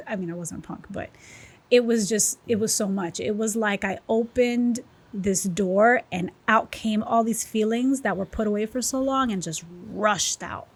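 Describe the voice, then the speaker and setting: Woman podcast guest, candid and emotional, personal testimony, animated storytelling. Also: on the high side, moderate pace.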